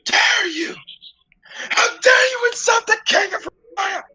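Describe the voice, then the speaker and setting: A man's voice: fast, pushed and bright. A man voicing an imperious, enraged male elf tsar who screams threats. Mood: outraged. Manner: screaming threats, high and shrill.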